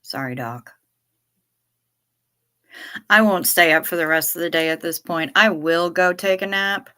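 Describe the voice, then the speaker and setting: Slow, bright-voiced profane woman streamer. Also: on the low side, smooth. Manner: profane, candid and rambling. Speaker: livestream host. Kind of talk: casual livestream chat. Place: at home.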